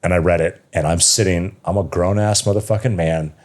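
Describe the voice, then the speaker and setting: A man's voice: low-pitched, fairly even intonation, brisk, darkish tone. A man in his thirties, a yoga teacher and coach, talking as a podcast guest, telling a personal story with passion and plenty of swearing. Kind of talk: casual podcast conversation.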